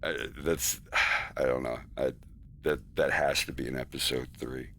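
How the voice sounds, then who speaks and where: A man's voice: rumbling low, steady tone, measured pace, bright, forceful tone, slightly rough. A man chatting casually on a stream about his cartoon's scenes, rambling, laughing often and acting out his characters' lines. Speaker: animator streaming his work.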